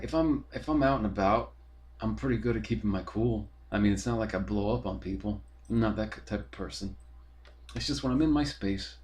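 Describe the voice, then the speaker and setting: Profane, ranting low-voiced man. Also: darkish tone. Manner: profane, rambling, exasperated. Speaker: podcast host. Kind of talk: casual ranting monologue. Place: apartment.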